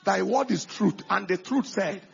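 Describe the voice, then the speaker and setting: A male pastor preaching a sermon, swinging from quiet asides to loud emphatic bursts and acting out the people he quotes. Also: high-pitched, a little slow, gravelly, muffled recording, slight background noise.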